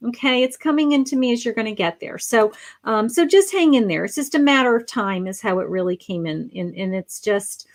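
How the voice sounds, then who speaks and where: Woman, middle-aged, psychic medium, live reading, soft and meandering, affectionate, voice wearing thin, higher pitch. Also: lively intonation, a little fast. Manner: soft-spoken, meandering, with many fillers and restarts; affectionate, calls viewers honey and sweetheart. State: losing her voice. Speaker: psychic medium livestream host.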